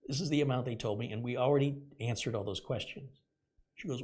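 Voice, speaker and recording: A man's voice: mid-range voice, quick pace, a little mellow, husky. A middle-aged man hosting a live stream, casually retelling a story and acting out the quoted dialogue with indignation. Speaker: host.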